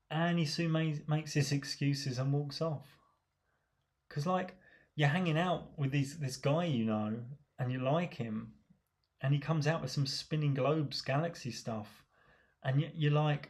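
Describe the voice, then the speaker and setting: A man's voice: mid-range voice, moderate pace, a little mellow. A man delivering a sarcastic, mocking comic rant monologue.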